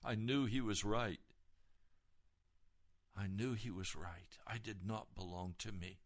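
A man preaching a personal testimony in a slow, deliberate way and a fairly low voice. His delivery is dramatic and emotional, and it surges into loud, intense peaks. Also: steady tone.

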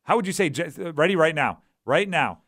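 A man's voice: on the high side, animated, moderate pace, fairly bright tone, no room sound. Chatty man hosting sports radio. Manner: conversational, keeps asking "right?". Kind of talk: sports talk radio monologue.

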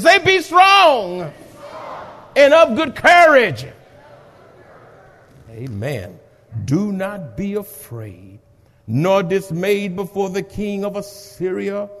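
High-voiced man preaching, slow, in a reverberant hall. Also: darkish tone. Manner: dramatic preaching with call-and-response. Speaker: pastor. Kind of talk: sermon.

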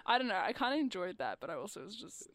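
A young woman chatting casually on the radio, full of "like" fillers and quick impressions of customers. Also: medium pitch, very animated, a bit bright. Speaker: guest.

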